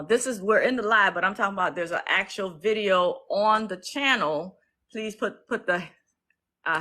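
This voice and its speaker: On a casual phone livestream, a woman who is a host and activist speaks with emotion and bluntness, swearing freely and reading viewer comments aloud to thank people. Her medium-pitched voice is pushed and bright, and the audio quality is poor.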